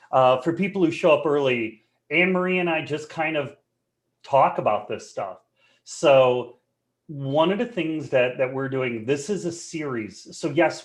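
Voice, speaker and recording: A man presenting a live webinar in a joking, conversational and animated way. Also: a little high.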